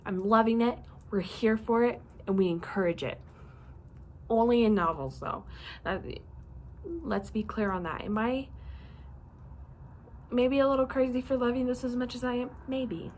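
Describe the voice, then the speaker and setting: A woman's voice: fairly high pitch, moderate pace, pauses often, slight background noise. A young woman chatting casually about books in a rambling, bubbly way, sleepy and yawning now and then. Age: young adult. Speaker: reading vlogger. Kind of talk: casual chat.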